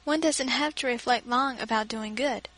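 A woman voicing a plainspoken old female servant who is warm but scornful, speaking briskly. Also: on the high side, rough recording.

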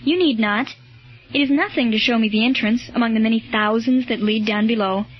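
A woman's voice: fairly high pitch, a little fast, lightly acted. A woman reading the part of a male Roman soldier, speaking firmly and solemnly. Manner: firm, solemn. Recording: dull lo-fi recording.

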